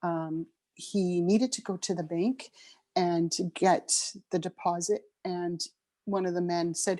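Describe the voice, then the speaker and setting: A middle-aged woman talks as an interview guest, her voice mellow and a little low. She tells a personal story in a reflective, unhurried way, pausing on ums and restarting sentences as she finds her words. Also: fairly even intonation. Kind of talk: conversational storytelling.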